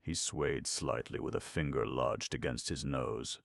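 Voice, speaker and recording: A man reading an audiobook as narrator, in slow, measured scripted narration. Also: extremely low pitch, fairly even intonation, vocal fry, no echo, clean studio sound.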